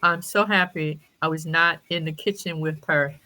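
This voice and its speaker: A woman's voice: low-pitched, fairly even intonation, moderate pace, sharp tone. A woman co-hosting a podcast, blunt, sassy and dismissive in casual banter. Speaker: podcast co-host.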